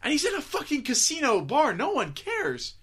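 A man's voice: extremely high pitch, huge pitch swings, moderate pace, fairly bright tone. A young man co-hosting a casual podcast, swearing freely, laughing often and telling stories with animation. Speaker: podcast co-host.

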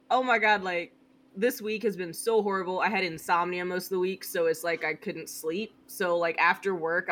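A woman's voice: on the low side, a bit bright. A woman guest on a podcast, blunt and sarcastic, swearing casually as she chats. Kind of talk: casual chat.

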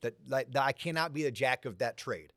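A man's voice: medium pitch, expressive, a little fast, fairly bright tone, no room sound, clean studio sound. A male host in a casual panel talk, direct and punchy, in front of a student audience. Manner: direct, gives short punchy advice. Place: university lecture hall before a student audience.

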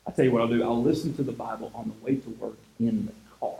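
A man's voice: medium pitch, fairly even intonation, quick pace, gravelly, few pauses, warm tone, roomy sound, rough recording. A man preaching a casual sermon as a pastor, retelling scripture in an easygoing, conversational way.

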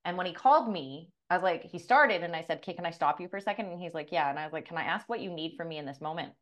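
A woman's voice: lowish voice, racing. A middle-aged woman co-hosting a podcast, telling a personal story with blunt, profane candor and acting out the dialogue. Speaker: podcast co-host, coach.

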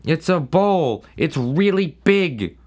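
A man's voice: fairly high pitch, slow pace. A young man from New England hosting a podcast, ranting sarcastically with a lot of swearing. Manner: sarcastic, profane, animated ranting. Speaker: podcast host. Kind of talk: casual solo rant.

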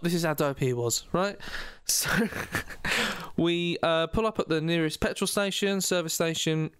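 A young man with a high, bright, ringing voice tells a tour story in a lively chat, often laughing and putting on loud voices for the people in it. The sound is dry and close, with no room around it. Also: measured pace, smooth, no echo. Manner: animated, laughing, acts out quotes in loud voices.

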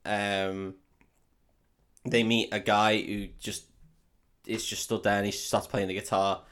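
A man's voice: fairly low pitch, little pitch movement, slow, a bit bright, clear, resonant tone. Swearing Englishman rambling through a recap. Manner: rambling storytelling, swears freely, acts out quotes. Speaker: podcast host. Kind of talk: casual film recap.

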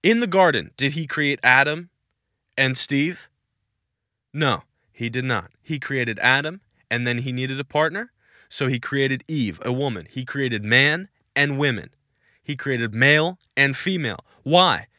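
A man's voice: medium pitch, lively intonation, a little slow, sharp tone, no echo, clean studio sound. A man hosting a Christian podcast Q&A, answering questions in an emphatic, insistent, preachy way and repeating his points. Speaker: podcast host.

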